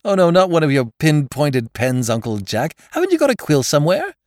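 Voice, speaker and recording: A man voicing a cheerful, frivolous young gentleman in an audiobook. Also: on the high side, very animated, fairly quick, no echo, clean studio sound, voice pushed up. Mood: jaunty. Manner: jaunty, laughing.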